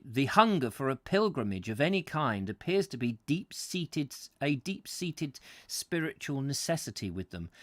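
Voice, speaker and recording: A man hosting a live book reading, going through the text in measured tones and adding wry asides of his own. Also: mid-range voice, a bit bright, no echo, studio quality. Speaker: host reading a book aloud.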